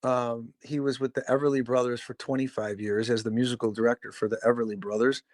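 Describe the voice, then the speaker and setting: A casual, rambling man from Chicago trades road stories as a podcast guest. He swears freely and slips into quick impressions of the people he quotes. His voice sits at an ordinary pitch and sounds close and dry, with no room around it. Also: little pitch movement, a little mellow, no echo. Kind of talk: casual storytelling interview.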